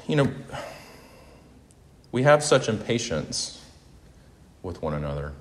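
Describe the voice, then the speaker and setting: A man's voice: lowish voice, very animated, takes it slowly. A man in his forties preaching a sermon in a reflective, confessional way, talking conversationally and often correcting himself mid-sentence. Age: 40s. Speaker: pastor. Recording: long hall reverb.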